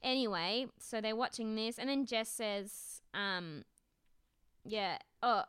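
A woman's voice: a little high, slow pace, fairly bright tone, clean tone, no echo, studio quality. A woman, co-hosting a casual chat and recapping a reality show, using lots of fillers and swearing, and laughing often. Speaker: podcast co-host.

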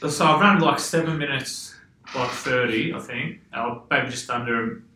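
An Australian man rambles through stories in a relaxed chat, swearing and laughing as he goes. His voice is very bright and forward, and it bounces around an echoey room. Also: mid-range voice, normal speed, a little hiss or hum. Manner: swears freely, laughs a lot, loose rambling anecdotes. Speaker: podcast guest, former footballer. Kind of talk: casual chat, storytelling.

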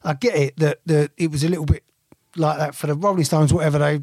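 Sweary man in loose banter, fairly high voice. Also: fairly even intonation, fast, a little mellow, no echo, studio quality. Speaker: podcast co-host. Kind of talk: casual chat.

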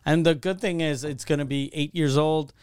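A man's voice: on the high side, normal speed, clear, resonant tone, no room sound, studio quality. A man from Canada co-hosting a podcast, telling a story in casual, profane chat and acting out phone calls. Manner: profane, animated storytelling, acts out quoted calls. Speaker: podcast co-host.

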